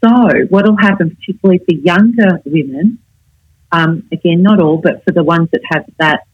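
A woman's voice: lowish voice, husky, dry recording. Older woman coaching, lo-fi dry sound. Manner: instructive, measured. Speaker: communication coach guest. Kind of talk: casual interview chat.

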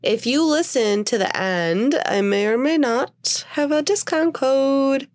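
A woman's voice: sits high, takes it slowly, no room sound, studio quality. A woman hosting a podcast in casual chat, sounding nasal and congested from a sinus infection, chatty and upbeat. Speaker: podcast host.

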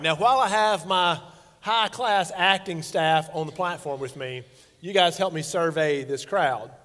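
Brief: man in his forties, pastor, high voice, joking conversational sermon, long hall reverb. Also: fairly bright tone. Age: 40s. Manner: playful, conversational preaching with acted-out quotes. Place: church sanctuary stage.

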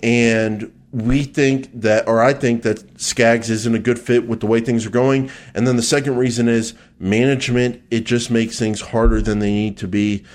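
A man's voice: medium pitch, level tone, normal speed, few pauses, darkish tone. A man co-hosting a podcast, joking with his partner, then explaining search ads steadily with some fillers. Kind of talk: casual podcast chat and explanation.

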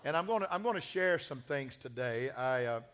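Bright, folksy preacher. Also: male voice, medium pitch, animated, normal speed. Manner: folksy, joking and exuberant. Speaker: pastor. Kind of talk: church sermon with announcements. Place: church sanctuary.

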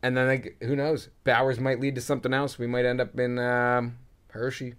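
A young man co-hosting a casual chat, rambling through animated stories with swearing. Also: mid-range voice, normal speed, smooth. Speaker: podcast co-host.

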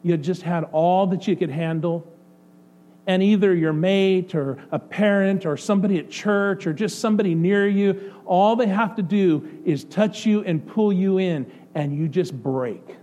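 A man's voice: high-pitched, moderate pace. Man preaching a heartfelt sermon. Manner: swings from excited to soft and hushed. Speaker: pastor. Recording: faint mains hum. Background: faint electrical hum.

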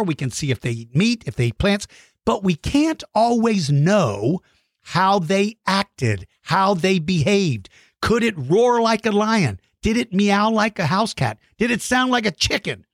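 Male educator, slightly high voice with a very lively pitch, talks right to the viewer, dry close recording. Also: no echo. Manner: animated, speculative, asks rhetorical questions; addresses viewers directly. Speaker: science educator. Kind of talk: explaining to viewers.

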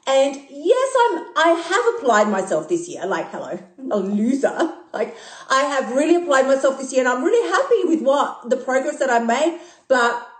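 An Australian woman hosting a casual live podcast as an emotional eating coach, blunt and animated, swearing freely and laughing at herself. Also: high voice, reverberant. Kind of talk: casual live-stream monologue. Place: recorded live on a phone stream. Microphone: phone mic.

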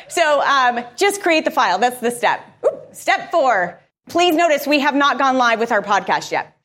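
A woman podcaster giving a live conference talk, energetic, candid and conversational. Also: high voice, normal speed.

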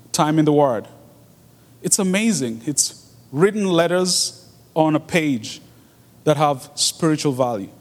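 A man preaching a sermon in an earnest way, repeating his key phrases for emphasis. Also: on the high side. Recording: long hall reverb.

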